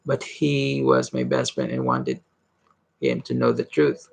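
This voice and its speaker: A man reads a novel aloud, haltingly, often stumbling over words and going back to restart them. His voice is gravelly and husky and stays flat in pitch. The sound is close and dry. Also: no room sound, poor audio. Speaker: reader.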